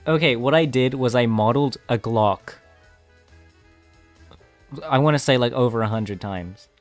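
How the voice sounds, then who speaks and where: A man's voice: mid-range voice, no room sound. A young man live-streaming his game coding, chatting casually with viewers, easily distracted and laughing often.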